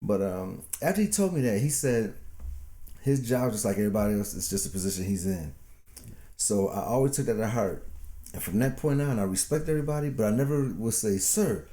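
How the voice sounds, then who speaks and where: A man's voice: lowish voice, animated, brisk, mellow. A man in his fifties, a podcast co-host telling a story in a laid-back, chuckling way. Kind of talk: casual storytelling chat.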